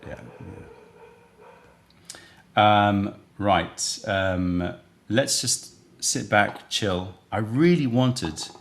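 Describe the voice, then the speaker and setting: A man with a low, gravelly voice hosts a casual live stream. He rambles, thinks out loud and chats loosely with his viewers. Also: drawn-out words. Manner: rambling, chatty, thinks aloud. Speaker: livestream host selling tea.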